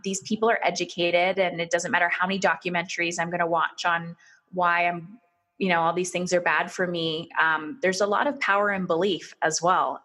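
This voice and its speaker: A woman's voice: on the low side, fairly bright tone. Earnest woman telling a personal story. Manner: earnest, quotes herself and others in dialogue. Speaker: podcast guest telling her story.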